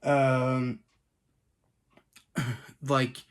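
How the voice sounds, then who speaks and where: A tired man giving a casual spoken review of a TV episode, halting often and clearing his throat between fillers and restarts. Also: mid-range voice, monotone.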